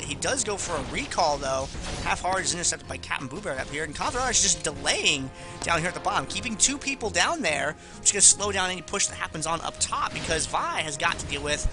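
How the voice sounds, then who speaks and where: Excitable esports caster guy, higher voice, game music pretty clear behind. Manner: excitable, jokey commentary. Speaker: esports commentator. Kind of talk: esports color commentary.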